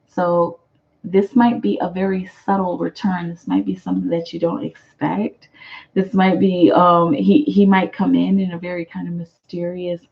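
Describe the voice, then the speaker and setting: A woman's voice: on the low side, level tone, normal speed, creaky, highs cut off. An American woman giving chatty live tarot readings, reading viewer comments aloud and laughing often. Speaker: tarot reader.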